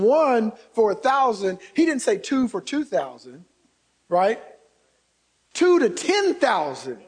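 A man preaching a sermon as pastor, animated, acting out quotes and building to shouts. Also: very high-pitched, slow pace, slightly rough. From Indiana.

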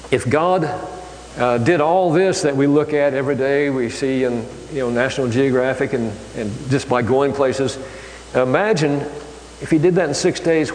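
A man gives a sermon in a folksy, halting way, full of ums and restarts. His middle-pitched voice rings through a hall with a long echo. A faint hum sits under the recording. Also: a little mellow. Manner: folksy, halting, with many fillers. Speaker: lay preacher.

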